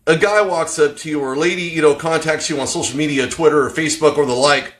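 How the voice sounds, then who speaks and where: A man's voice: fairly high pitch, fairly even intonation, fast, a bit bright. A man hosting a live-streamed interview show, asking long rambling questions with lots of energy. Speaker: host.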